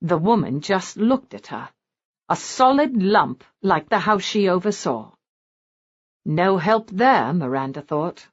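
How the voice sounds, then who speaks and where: A woman reads a romance novel aloud in an expressive narrating style. Her voice sits low and moves in lively pitch swings. The recording sounds dull and lo-fi. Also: slow, husky. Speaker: audiobook narrator.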